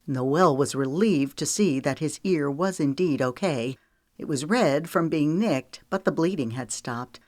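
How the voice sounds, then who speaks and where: A woman narrating a romance audiobook in a steady storytelling manner. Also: low voice, unhurried, no room sound, clean studio sound. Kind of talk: scripted narration.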